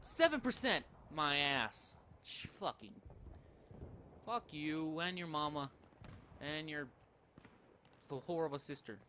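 A man's voice: on the high side, slow, long pauses, bright, forceful tone, slight background noise. A young man giving live commentary over a shooter game, foul-mouthed and ranting as he keeps dying. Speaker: gameplay commentator. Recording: faint game gunfire behind.

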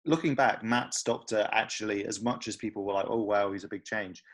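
A man with a low, husky voice chats on a podcast at a quick clip. He talks loosely, full of fillers and little hedges, and sounds like an easygoing co-host. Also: fairly even intonation, fairly bright tone. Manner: fast, chatty, hedging with fillers. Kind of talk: casual chat.

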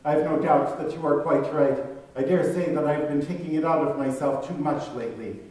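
High-strung antiquities scholar, guarded and musing, voiced by a man, slightly high, distant. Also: fairly even intonation, moderate pace, a little mellow, natural voice. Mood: shaky. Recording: echoey room, voice far off.

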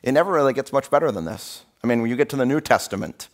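A man preaching a sermon as pastor in a church, in a conversational, animated storytelling way. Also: medium pitch, very fast. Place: church sanctuary.

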